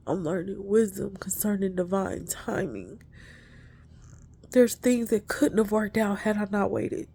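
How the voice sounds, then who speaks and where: A woman's voice: medium pitch, big pitch swings, unhurried, vocal fry, mellow, a little hiss or hum. A woman giving an emotional, earnest spiritual encouragement talk to her listeners. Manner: earnest, preachy, addresses listeners as y'all. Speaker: inspirational speaker.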